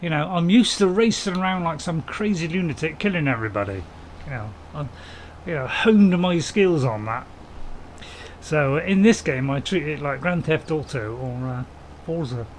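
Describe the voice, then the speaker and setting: A man's voice: on the high side, lively intonation, moderate pace, slight background noise, poor audio. A middle-aged man, chatting casually and joking while streaming a farming game and answering his viewers' chat. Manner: chatty, jokey, chuckling, reading chat aloud. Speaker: gameplay streamer. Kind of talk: casual live-stream commentary.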